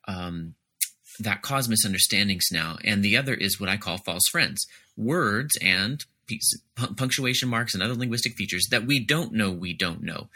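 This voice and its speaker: A man's voice: fairly low pitch, pushed and bright. A man, an author and editor, giving earnest and articulate answers in a podcast interview, explaining his points in careful detail.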